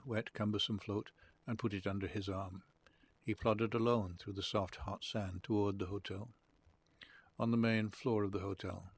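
A man reading a literary short story aloud. His narration is calm and measured. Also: fairly low pitch, slight background noise.

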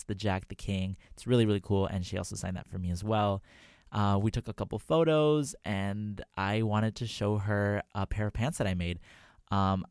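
Gravelly young man chatting on radio. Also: low-pitched, no room sound, clean studio sound. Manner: chatty, full of "like" and "um", excitable. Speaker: radio show host. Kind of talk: casual storytelling on air. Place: radio studio.

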